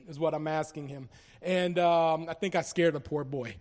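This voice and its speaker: A man from Colombia giving an earnest, halting personal testimony to a church congregation, with many restarts. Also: a little high, fairly even intonation. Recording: long reverb of a large hall.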